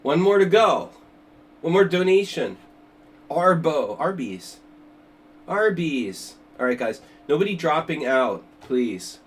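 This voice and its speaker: A man's voice: fairly high pitch, big pitch swings, takes it slowly. Joking, rambling older male chess streamer. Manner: joking, rambling, with many restarts and asides. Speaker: chess streamer hosting a simul. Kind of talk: casual livestream chat.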